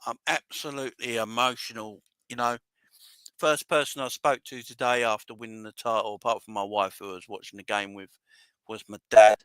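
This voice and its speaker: Excitable man livestreaming, bright and emotional. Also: mid-range voice, brisk, clean tone, dry recording. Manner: excited, rambling, shouts out chat viewers. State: emotional, voice wavering. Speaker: fan channel livestream host. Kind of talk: emotional casual livestream chat.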